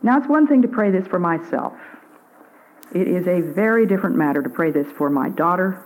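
An older woman giving a devotional talk on the radio, earnest and measured, pausing to stress single words. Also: on the low side, expressive, slight background noise, low-quality recording. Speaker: Christian speaker.

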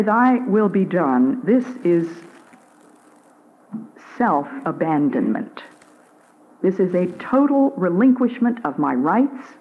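An older woman giving a devotional talk on the radio, earnest and measured, pausing to stress single words. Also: lowish voice, narrow, tinny audio. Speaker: Christian speaker.

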